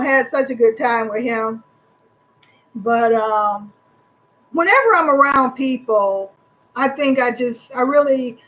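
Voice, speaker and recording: A cheerful, chatty woman in middle age hosts a relaxed live chat with her viewers. She speaks with a high voice and an upbeat, talkative manner. She comes from Michigan. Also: low-quality recording. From Michigan, USA. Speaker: livestream host.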